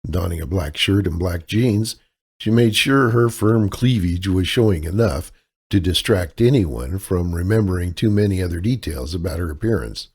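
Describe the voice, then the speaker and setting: Deep, gravelly male audiobook narrator. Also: moderate pace, darkish tone. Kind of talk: scripted narration.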